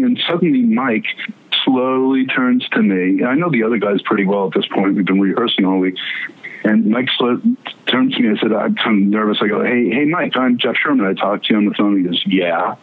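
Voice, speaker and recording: A man telling a long anecdote as an interview guest, animated, acting out quoted voices, with many restarts. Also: medium pitch, fairly quick. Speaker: TV producer and guest. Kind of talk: storytelling in conversation. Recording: tinny phone-like line.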